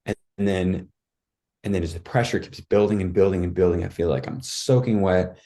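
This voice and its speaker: A man's voice: low-pitched, a little fast, dark tone. A man guest on a podcast, telling a personal story in casual talk, acting out his own cries and thoughts and saying "dude" and "like" a lot.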